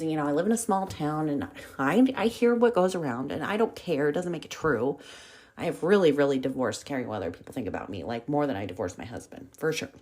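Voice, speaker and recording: Woman podcaster just rambling candid, kinda low voice, swears a lot, still getting over a cold. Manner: candid, swears freely, animated storytelling. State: recovering from a cold, coughing. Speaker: podcast host. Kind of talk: casual monologue.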